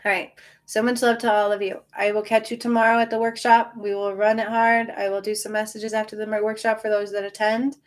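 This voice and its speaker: A woman of middle pitch talks in a casual livestream, tired but reassuring, answering her viewers one by one. Her voice comes through a phone or webcam mic. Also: level tone, a little fast, hardly any pauses. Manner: chatty, reassuring, reads and answers viewer comments. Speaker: spiritual livestream host.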